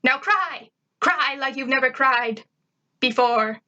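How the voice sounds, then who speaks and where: Woman doing Zim, a pompous shrill alien. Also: slow, dull audio, heavily acted. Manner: pompous, shouting. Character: arrogant shrill male alien invader.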